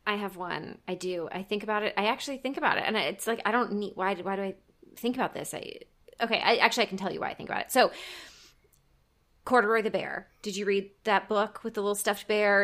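A woman's voice: mid-range voice, fairly even intonation, fast, fairly bright tone. A woman co-hosting a podcast, chatting casually and telling a story with frequent laughs. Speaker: podcast co-host. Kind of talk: casual chat.

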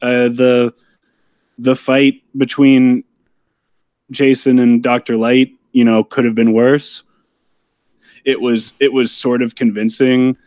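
A man's voice: medium pitch, level tone, slow, long pauses, a little mellow, dry recording. A man co-hosting a podcast, giving blunt, dry criticism of a TV episode and swearing casually. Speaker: podcast co-host. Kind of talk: casual chat reviewing a TV episode.

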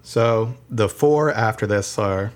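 A man's voice: lowish voice, slow pace. A man hosting a casual gaming podcast, chatting upbeat and slipping into an announcer-like delivery when he introduces segments. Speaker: podcast host.

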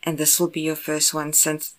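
A woman reading a calm, formal man. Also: low-pitched, moderate pace, natural voice. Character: calm, earnest, formal-speaking grown man.

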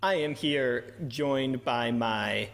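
A man's voice: mid-range voice, very slow, vocal fry, a bit bright. Male podcast host, loose and rambling, stammers, joking casual delivery. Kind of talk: casual chat.

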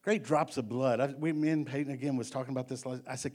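A man's voice: mid-range voice, steady tone, fast talker, hardly any pauses, a little mellow. A pastor preaching a midweek sermon in an earnest, repetitive way, often restarting words as he builds each point.

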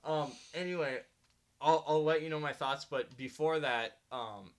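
A man's voice: on the high side, measured pace, clear, resonant tone. A man co-hosting a podcast, chatting casually and rambling with many fillers and frequent laughs. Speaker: podcast co-host. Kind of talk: casual chat.

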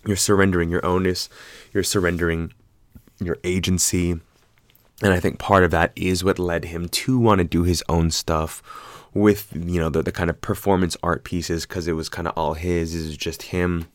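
Casting: deep-voiced man, rambling profane storyteller, dry close mic. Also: normal speed, no room sound. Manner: rambling, profane, animated retelling with quoted voices. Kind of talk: casual storytelling.

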